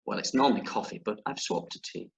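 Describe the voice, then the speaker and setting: A man's voice: fairly low pitch, fast, vocal fry. A man teaching children in an online reading lesson, playful and jokey, then reading a story aloud with expression. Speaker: primary school teacher. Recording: echoey room.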